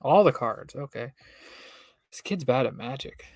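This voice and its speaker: A man's voice: medium pitch, animated, unhurried, creaky, no echo. A young man casually reading a children's book aloud on a stream, breaking off for bemused jokes. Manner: reads with joking, bemused asides. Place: home streaming setup.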